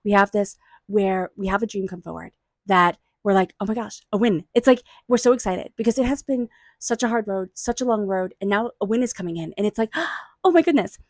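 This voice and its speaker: A woman giving a tarot reading, murmuring invocations to angels and spirit guides and offering warm, excited encouragement. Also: mid-range voice, brisk, no room sound. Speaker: tarot reader. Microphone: own microphone.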